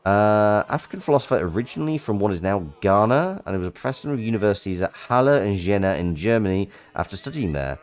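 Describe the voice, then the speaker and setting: A man's voice: on the low side, expressive, quick pace, hardly any pauses. A man streaming a card game, chatting casually and rambling in a self-deprecating way.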